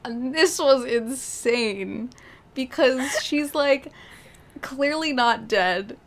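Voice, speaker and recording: A woman's voice: high voice, expressive, extremely slow. A woman co-hosting a podcast, recapping a film in casual chat with wry, amused disbelief. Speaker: podcast co-host.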